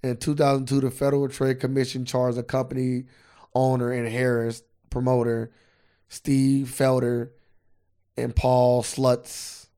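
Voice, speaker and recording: A man's voice: medium pitch, completely flat delivery, unhurried, dark tone. A man co-hosting a podcast, chatting casually and profanely and reading a news article aloud. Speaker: podcast co-host.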